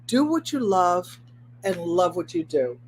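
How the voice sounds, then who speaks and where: A woman's voice: lowish voice, sing-song, unhurried, slight background noise. Chatty woman hosting a craft livestream. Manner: chatty, motivational, talks straight to viewers; repeats phrases for emphasis. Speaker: host of a craft channel. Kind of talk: casual livestream chat. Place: at home, indoors.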